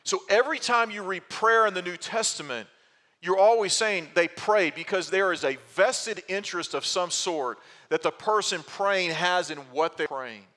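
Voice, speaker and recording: A man's voice: high-pitched, moderate pace, bright, forceful tone, big-room sound. A man preaching an expository sermon, teaching patiently with rhetorical questions and frequent restarts. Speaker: pastor.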